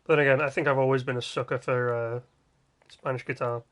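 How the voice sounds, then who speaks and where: A man's voice: medium pitch, flat delivery, quick pace, fairly bright tone. A man casually commenting while building in a game livestream, joking and grumbling in a rambling way. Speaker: game streamer.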